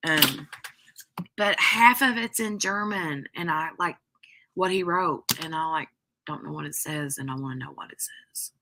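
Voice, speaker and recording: A woman hosts a craft live stream and chats loosely with viewers, drifting between thoughts with plenty of "like" and "um". She talks in no hurry, her voice sitting a little low but sounding bright and forward. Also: unhurried. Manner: chatty and rambling, full of "like" and "um". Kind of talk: casual live-stream chat, answering viewers.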